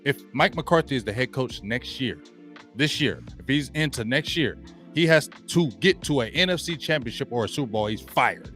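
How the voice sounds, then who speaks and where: A man talks sports in a blunt, slangy monologue, hammering the same points over and over. His voice sits at an ordinary middle pitch. Faint music plays behind him. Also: lively intonation, moderate pace, a bit bright. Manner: blunt, slangy, repeats himself for emphasis. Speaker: sports talk show host. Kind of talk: opinionated sports talk monologue.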